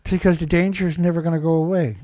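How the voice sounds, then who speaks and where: An angry man rants through his live show, throwing insults and firing rhetorical questions. His voice sits a little high and is lightly congested. The recording is dry and close, with no room sound. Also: little pitch movement, fast talker, mellow, no echo. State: congested, blowing nose. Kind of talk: impassioned live commentary.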